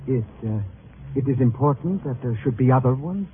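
A man's voice: mid-range voice, animated, normal speed, slight background noise, natural voice. A man voicing a proud, fussy photographer who talks formally and stammers eagerly, in 1940s radio acting. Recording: tinny old radio broadcast.

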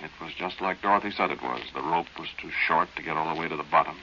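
An actor playing a plain-spoken man who tells of a frightening night, narrating slowly and confidingly in a 1940s radio drama. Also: very deep voice, pushed and bright. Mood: hushed, reflective. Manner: slow, confiding storyteller. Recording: dull, hissy old radio recording.

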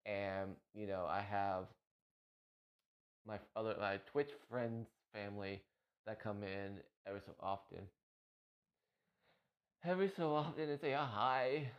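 A man's voice: on the low side, a little slow, long pauses. A man streaming on Twitch, talking to his viewers in a rambling, heartfelt way, often repeating himself and getting emotional. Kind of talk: casual heartfelt talk to viewers. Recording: dull lo-fi stream mic.

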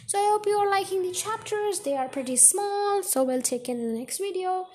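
A woman's voice: extremely high pitch, expressive, moderate pace, darkish tone, a little hiss or hum. A woman reading a children's book aloud on a podcast, chatty, with asides and self-corrections. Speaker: podcast story reader.

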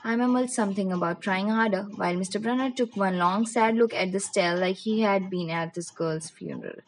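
A woman's voice: medium pitch, brisk, a little hiss or hum, poor audio. A woman narrates a novel in the first person. She reads steadily and expressively, in a plain everyday voice. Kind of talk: audiobook reading of a novel.

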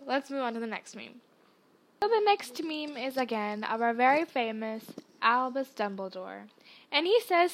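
A woman's voice: sits high, a bit bright. A woman hosting a podcast, chatting casually and reacting to memes, peppering her talk with "like". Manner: chatty, frequent "like" fillers. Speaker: podcast host.

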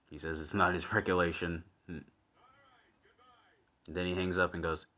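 A man's voice: low-pitched, pushed and bright, muffled recording. A man giving casual commentary while watching a cartoon episode. He laughs often and chats in an easy way. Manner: laughs often, unhurried and chatty.

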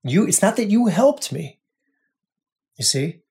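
A man's voice: sits high, sing-song, takes it slowly, gravelly. Earnest man hosting a spiritual podcast. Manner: earnest, repeats phrases, softens to a hush at times. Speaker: podcast host.

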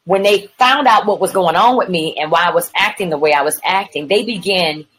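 Husky-voiced woman telling her testimony. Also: on the low side, a little fast, fairly bright tone, rough recording. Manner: vivid storytelling, acting out quoted dialogue; addresses the host as "woman of God". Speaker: evangelist guest. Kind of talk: personal testimony on a podcast.

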